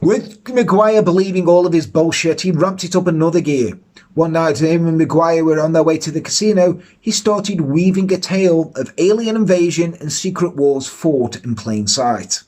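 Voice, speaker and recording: Husky man telling a crime story. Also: fairly high pitch, normal speed, mellow. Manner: sweary, sardonic, jokey asides. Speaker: podcast host telling a true crime story. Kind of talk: casual storytelling chat.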